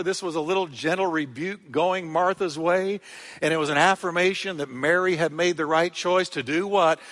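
A male pastor preaching to his church, his voice sitting a little high for a man. He tells the story in an animated way and builds to loud, emphatic peaks. The sound rings with the long reverb of a large hall. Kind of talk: sermon.

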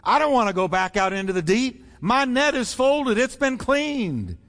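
A man's voice: very high-pitched, big pitch swings, normal speed, fairly bright tone, big-room sound, voice pushed up, exaggerated voice. A man voicing a tired, discouraged fisherman in a sermon, sounding exasperated. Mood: irritated. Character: tired, weary fisherman Peter, middle-aged man.

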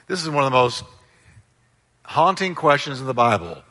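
Male pastor, sermon; forceful bright tone, emphatic call-and-response, long hall reverb. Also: mid-range voice, big pitch swings, normal speed.

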